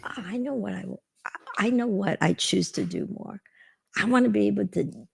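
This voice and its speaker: Soft, husky, gravelly woman speaking slowly. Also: mid-range voice. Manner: soft, breathy, half-whispered phrases, slow and reflective. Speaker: participant in the session. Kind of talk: reflective spiritual conversation.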